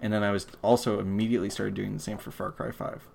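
A man's voice: on the low side, flat delivery, quick pace, creaky, a little mellow, a little hiss or hum. A man co-hosting a podcast, chatting casually and bluntly about video games and swearing freely. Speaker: podcast co-host.

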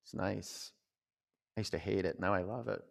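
A man's voice: sits low, moderate pace, gravelly, in a large hall. A young man, a yoga teacher chatting and rambling as he leads a class. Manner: chatty, rambling, with many "you know"s. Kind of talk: talking while leading a yoga class. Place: yoga studio.

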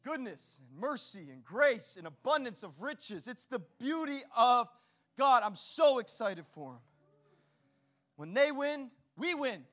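A male pastor preaching a lively sermon with a very high, bright, forceful voice. He talks straight to the congregation with easy slang. His delivery is energetic and direct throughout. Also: a little slow. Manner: casual slang mixed into preaching.

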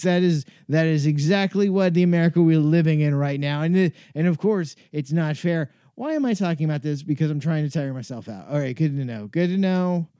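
A man muses aloud in a wry, self-deprecating comic ramble, drifting from one tangent to the next. His voice sits a little high for a man but sounds mellow and soft-edged. The recording is close and dry, with no room sound. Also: clear, resonant tone, dry recording. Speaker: podcast host. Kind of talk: rambling comedic monologue. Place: cold home garage. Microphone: earphones with mic.

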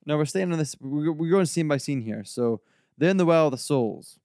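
A man's voice: fairly high pitch, animated, normal speed, a little mellow, dry recording, clean studio sound. A man hosting a casual podcast chat, enthusiastically walking his co-hosts through film trivia. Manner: enthusiastic, trivia-led storytelling. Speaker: podcast host.

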